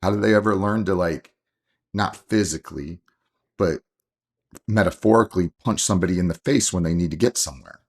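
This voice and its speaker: Casting: man, 40s, deep gravelly voice, earnest heartfelt coach-dad in a relaxed interview. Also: a little fast. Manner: earnest, heartfelt, rambling with restarts. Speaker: coach and father, podcast guest. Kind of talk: casual interview conversation.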